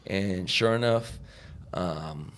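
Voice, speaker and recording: A man's voice: low voice, slow pace, a bit bright. A man, a podcast guest, telling his story in a casual, profane, slangy way, full of "like" and "you know," acting out the people he quotes.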